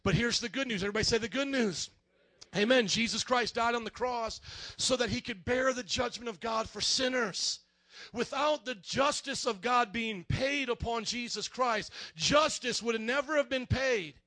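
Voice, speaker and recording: A male pastor preaching a sermon in church, animated and joking, speaking straight to the congregation. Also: extremely high pitch, moderate pace, no echo.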